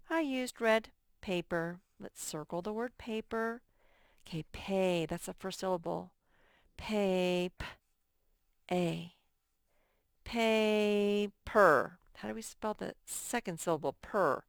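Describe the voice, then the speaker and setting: During a first-grade spelling lesson, an adult female teacher calmly breaks words into syllables for young children without rushing. She talks plainly and with patience in a smooth, fairly low voice, captured in a dry, close-up recording.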